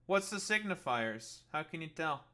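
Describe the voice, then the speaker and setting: Guy streamer cussing out his chat, high bright voice, picking fights nonstop. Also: sing-song, normal speed. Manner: profane, combative, mocking. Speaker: political streamer. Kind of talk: livestream argument with chat.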